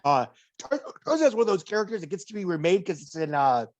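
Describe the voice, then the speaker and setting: A man's voice: high-pitched, big pitch swings, quick pace, a little mellow. A man co-hosting a podcast, giving a box office report in casual chat, wry and digressive, slipping dry jokes between figures.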